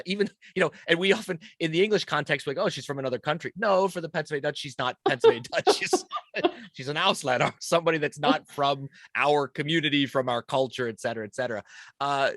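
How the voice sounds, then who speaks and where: A man's voice: a little high, fairly bright tone, no room sound. Man host asking rambling questions, dry sound. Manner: stumbling restarts, long rambling questions. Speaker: podcast host. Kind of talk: casual interview conversation.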